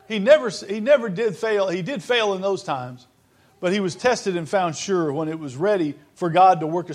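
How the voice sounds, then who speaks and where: A man preaching a sermon in an earnest, conversational way, often restarting his sentences. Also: high-pitched.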